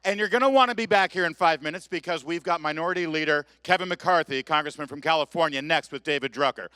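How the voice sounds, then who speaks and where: Male emcee at a conference; bright, crisp, dry-miked voice, brisk and teasing. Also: on the high side, no echo. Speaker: event emcee. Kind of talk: stage announcement. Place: conference stage.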